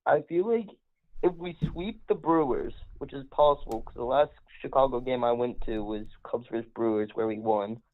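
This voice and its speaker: A man's voice: medium pitch, normal speed, no room sound. A man calling in to a sports talk show, chatting in an easygoing, agreeable way. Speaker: caller. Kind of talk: casual phone-in chat. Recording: tinny phone line.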